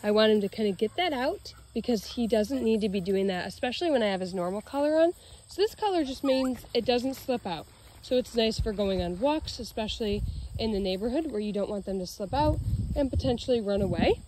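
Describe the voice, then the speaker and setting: A woman dog trainer explaining leash walking while praising her dog in a bright, high voice outdoors. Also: animated, moderate pace, a little hiss or hum. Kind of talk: narrating a leash-training demo.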